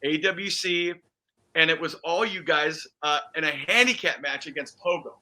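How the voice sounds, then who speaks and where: A man's voice: a little high, normal speed, pushed and bright, rough recording. A man hosting an interview, asking casual, eager questions about a wrestling show. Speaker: podcast host.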